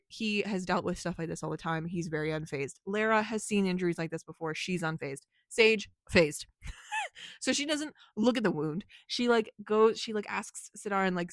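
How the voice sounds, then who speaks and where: A woman's voice: mid-range voice, dry recording. Woman author rambling in a casual vlog, says like a lot, swears and laughs, dry close sound. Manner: rambling and chatty, heavy on "like", laughs often, swears freely. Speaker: author and book vlogger. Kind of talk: casual vlog chat about her writing.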